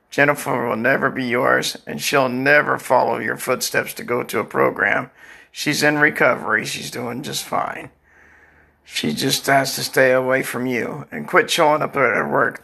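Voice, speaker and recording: Older guy rambling on, crude jokes and shout-outs, gravelly bright voice, dry cough. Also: medium pitch. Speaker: social media vlogger. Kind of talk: rambling casual monologue.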